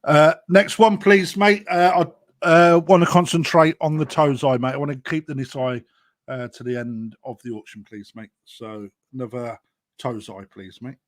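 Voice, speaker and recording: A man hosting a live fish auction, chatting casually, bursting loud and then dropping to quiet asides. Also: medium pitch, steady tone, normal speed. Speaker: auction host.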